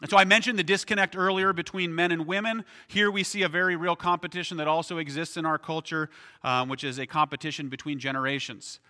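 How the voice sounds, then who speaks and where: A man's voice: on the high side, fairly even intonation, quick pace, pushed and bright, in a large hall. A man preaching a sermon as pastor, in a conversational way, often asking "right?".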